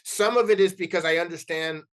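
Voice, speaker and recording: A middle-aged man from New Jersey and New York City, a podcast guest telling animated stories in casual interview talk, often acting out dialogue and restarting his sentences. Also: sits high, fairly quick. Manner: animated, acts out quoted dialogue, frequent restarts and "like".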